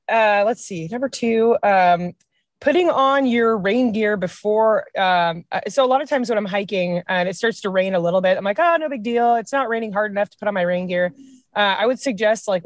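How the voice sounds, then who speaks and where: A woman from Washington state, a comedy writer and podcast guest, telling wild trail stories in a casual, animated way, laughing often and acting out quotes. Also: mid-range voice, dry recording, studio quality. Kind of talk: casual storytelling chat.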